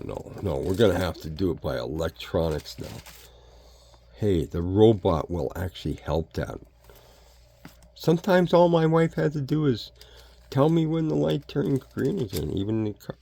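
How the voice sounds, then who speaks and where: A man's voice: low-pitched, dark tone. An older man from Canada talking in a blunt, folksy, rambling monologue that jumps between topics.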